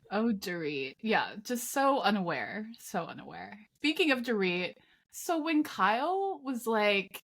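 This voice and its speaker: A woman's voice: medium pitch, big pitch swings, takes it slowly, a bit bright. A woman co-hosting a podcast, chatting casually with enthusiastic, emphatic agreement. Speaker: podcast co-host. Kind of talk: casual chat.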